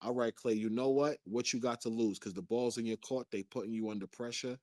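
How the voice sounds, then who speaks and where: A man's voice: medium pitch, steady tone, brisk, a little mellow, no echo. Man, interview guest, earnest storytelling, dry close sound. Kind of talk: recounting a personal story.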